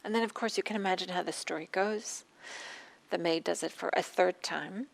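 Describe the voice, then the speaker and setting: A woman meditation teacher gives a dharma talk with a scratchy throat and a gravelly, fry-laden voice. She tells stories unhurriedly and often trails off into near whispers. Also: lowish voice. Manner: unhurried storytelling with soft asides, trailing into whispers.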